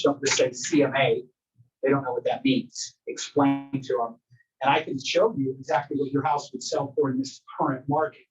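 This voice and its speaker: A man teaching a workshop to a live group, coaching in a conversational way and asking the group questions. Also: on the high side. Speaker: real estate trainer. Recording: distant, dull room recording.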